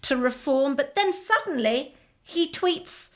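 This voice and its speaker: A woman hosting a comedic interview, gushing and flattering toward her guest. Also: sits high, takes it slowly. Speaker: host.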